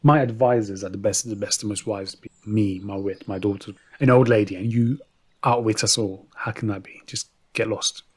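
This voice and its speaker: A man voicing a proud, exasperated ruler who gives commands and mocks, with a slightly husky, lowish voice. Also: steady tone, fairly quick. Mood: mocking. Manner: incredulous, commanding.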